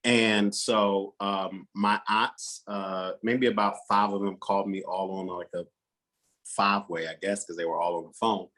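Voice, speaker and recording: A man telling his coming out story as a guest, animated and acting out the voices of his relatives. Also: on the low side, measured pace. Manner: animated, acts out quoted relatives. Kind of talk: personal storytelling.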